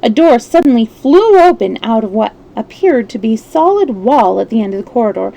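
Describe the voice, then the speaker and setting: A woman's voice: fairly high pitch, sing-song, normal speed, vocal fry, warm tone, low-quality recording. A woman storyteller reading a classic story aloud expressively, with small slips and restarts.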